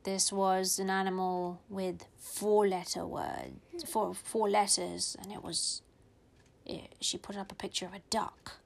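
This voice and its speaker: Animated woman telling a story. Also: medium pitch, a little slow, creaky. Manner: animated, chatty, acting out voices, some restarts. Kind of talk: casual storytelling.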